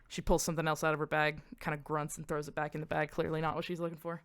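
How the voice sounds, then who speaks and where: A woman's voice: sits low, flat delivery, rapid-fire, few pauses, clean tone. A woman playing a tabletop game, narrating her character's actions in a casual, swearing, joking way.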